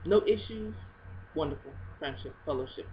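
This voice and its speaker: A woman talking in a casual faith video blog, expressive and swinging between hushed and loud. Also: deep voice, moderate pace, dull audio, a little hiss or hum.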